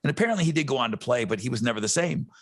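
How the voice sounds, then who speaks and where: A man's voice: medium pitch, expressive, racing. A man co-hosting a podcast in casual chat, swearing freely and acting out movie lines. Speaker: podcast co-host.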